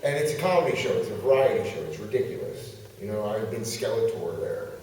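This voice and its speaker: A man, a pro wrestler guest, telling an animated story and laughing as he goes, at a convention. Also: on the low side, fast talker, slight background noise. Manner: lively, laughing as he tells the story. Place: large convention hall. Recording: echoey hall picked up from far off.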